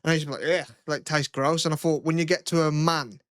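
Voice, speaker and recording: Young male co-host, casual and sweary, higher-pitched, dry close mic. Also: fast talker, no room sound. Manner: rambling, swears a lot, animated retelling. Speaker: podcast co-host. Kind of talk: casual chat.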